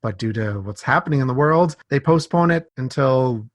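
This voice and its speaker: A man's voice: medium pitch, expressive, normal speed, dry recording, clean studio sound. A Canadian man from Saskatchewan, a podcast guest talking about theme parks in a friendly way and laughing easily. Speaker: guest, theme park blogger. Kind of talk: casual interview chat.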